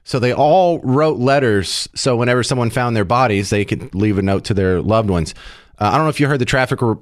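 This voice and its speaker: A man's voice: medium pitch, brisk, dry recording. A man hosting a talk radio show in a studio, chatting in an opinionated, joking way. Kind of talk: casual talk radio chat. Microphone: studio microphone.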